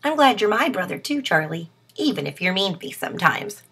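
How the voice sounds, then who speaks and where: A woman voicing a young male turtle brother in a storybook, talking high and excited. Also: a little fast, slightly rough, exaggerated voice. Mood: affectionate.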